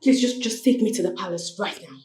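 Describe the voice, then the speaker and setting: A woman's voice: medium pitch, animated, brisk, a little mellow, roomy sound, faint music behind, natural voice. An actress playing a young widowed queen who pleads tearfully and snaps back in anger. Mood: angry defiant. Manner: tearful, pleading, then sharply angry. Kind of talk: Nollywood film acting.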